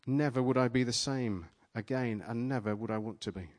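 A man preaching a sermon, retelling a vision in the first person, dramatic at first and then playful and energetic with volunteers in front of a live congregation. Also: mid-range voice, a little fast, hardly any pauses. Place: church gathering with a live audience.

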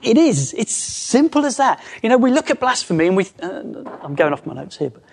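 A man preaching a conversational sermon, lively, acting out quoted voices as he goes. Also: sits high, brisk, creaky, slightly rough.

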